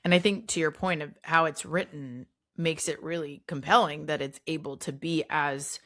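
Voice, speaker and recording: A woman with a low voice chats about a movie in a loose, talkative way, giving blunt opinions. She fills her speech with casual asides as she goes. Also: steady tone, moderate pace, fairly bright tone, no echo, studio quality. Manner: chatty, uses "like" a lot, blunt opinions. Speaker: podcast co-host. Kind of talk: casual film-review chat.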